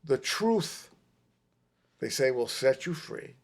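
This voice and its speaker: A middle-aged man telling a long personal story on a podcast, emphatic and animated, repeating his points. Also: medium pitch, slow pace. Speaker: podcast guest. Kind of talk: casual storytelling.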